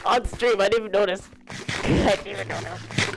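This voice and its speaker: A young man live-streaming a game with his friends, excitable and teasing, often laughing and breaking into sudden high yelps. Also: normal speed, gravelly, faint music behind. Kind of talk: casual live-stream gaming banter.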